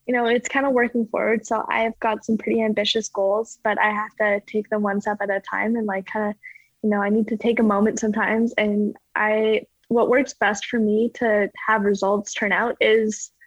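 A woman's voice: mid-range voice, level tone, moderate pace, dry recording, highs cut off. A young woman from Canada, a ski jumper, chatting casually in an interview and filling her talk with "like". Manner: chatty, fills speech with "like".

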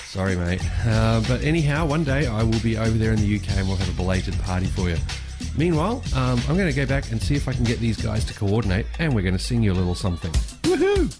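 Rambling man over loud party music. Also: lowish voice, expressive, fast talker, hardly any pauses. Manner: rambling, playful, many fillers. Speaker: friend sending a birthday message. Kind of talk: recorded voice message.

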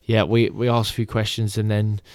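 A man, co-hosting a boxing podcast in a relaxed, joking, sometimes swearing way. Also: lowish voice, a little fast, no echo, clean studio sound. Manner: laid-back, swearing, joking storyteller. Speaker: podcast co-host, former boxer. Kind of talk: casual chat.

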